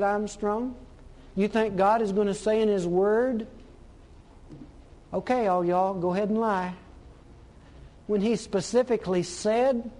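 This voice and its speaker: A man's voice: sits high, mellow. A man preaching a sermon, emphatic, asking rhetorical questions and repeating phrases for stress.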